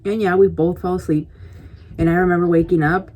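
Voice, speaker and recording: Low, mellow-voiced woman telling a rambling story. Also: fairly even intonation, fairly quick. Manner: rambling and chatty, full of "like" and "you know"; confiding, speaks directly to viewers. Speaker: vlogger. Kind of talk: casual storytime vlog. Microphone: compact camera mic.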